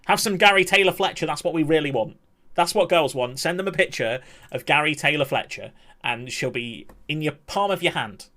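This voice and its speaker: A man's voice: a little high, moderate pace, sharp tone. A young man, chatting casually on a live stream, laughing often and ranting in mock outrage.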